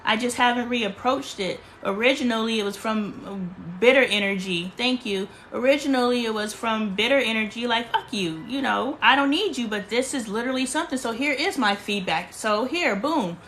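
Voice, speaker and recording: A woman hosts a casual livestream from her bedroom. Her voice sits fairly high, and she talks in an emphatic, preachy way, circling back to repeat her points. A faint hiss runs under the recording. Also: normal speed, hardly any pauses, a bit bright. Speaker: livestream host.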